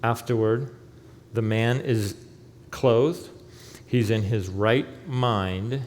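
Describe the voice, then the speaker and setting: A man's voice: lowish voice, steady tone, very slow, a little mellow, a little hiss or hum. A male pastor preaching a sermon, telling the story with animation and acting out the quoted lines. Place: church sanctuary. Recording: long hall reverb, faint ambience.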